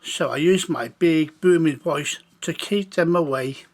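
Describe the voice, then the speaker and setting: Man playing a shy lonely giant, halting, gravelly, storybook. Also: a little high. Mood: apologetic. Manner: hesitant, halting.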